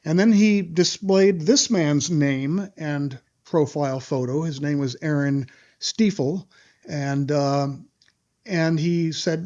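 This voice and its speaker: A man recounts a story to an interviewer with mounting indignation, stopping often on small fillers. His voice sits a bit high for a man. The audio is slightly dull and lo-fi. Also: darkish tone. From Wisconsin. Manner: indignant, retelling events with acted quotes and frequent "uh" fillers. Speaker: lawyer interviewed as guest.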